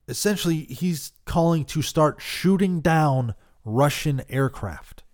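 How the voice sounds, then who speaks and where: A man hosting a podcast, giving passionate political commentary that swings from loud outbursts to quiet worry. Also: mid-range voice. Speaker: podcast host.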